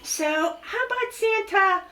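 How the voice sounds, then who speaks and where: An older woman hosting a children's storytime show, talking to puppets in a gushing, animated way. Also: very high voice, takes it slowly, reverberant, poor audio. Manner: gushing, sing-song and animated. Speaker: storytelling host.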